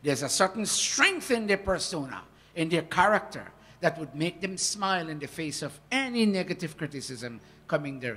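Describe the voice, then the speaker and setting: Lively, high-voiced male teacher. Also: moderate pace, few pauses, husky. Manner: animated, earnest, with swells of emphasis. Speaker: teacher of a scripture workshop. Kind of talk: devotional teaching talk.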